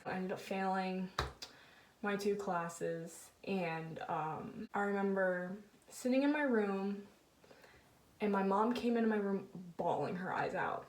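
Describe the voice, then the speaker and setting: A woman's voice: mid-range voice, slow pace. A teenage girl vlogging, candidly retelling a painful personal story with emotion. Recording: roomy sound, mic at a distance.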